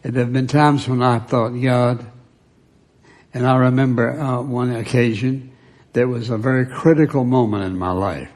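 A man's voice: mid-range voice, fairly even intonation, normal speed, a little mellow. An older man preaching a sermon in a conversational way, often dropping to a near whisper for emphasis. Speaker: pastor.

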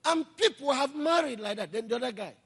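A male pastor preaching a sermon, telling stories and building to impassioned shouts. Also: very high-pitched, expressive, quick pace, vocal fry, breathy edge, long reverb tail.

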